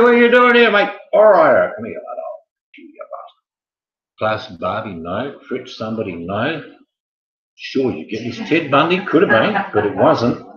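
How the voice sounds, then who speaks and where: A man hosting a casual quiz, joking and wandering off into chatty asides. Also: lowish voice. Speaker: quiz host. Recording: echoey, muffled room sound.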